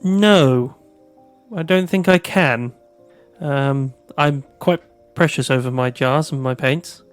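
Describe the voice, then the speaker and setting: A man's voice: medium pitch, slow pace, smooth, soft background music. A man playing a tabletop role-playing game, with dry, matter-of-fact banter. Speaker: player. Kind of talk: tabletop role-play chat.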